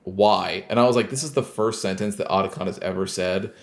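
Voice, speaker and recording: Quick-paced and on the low side, a podcast co-host recaps a game casually, telling it animatedly and voicing the scenes in snarky mockery.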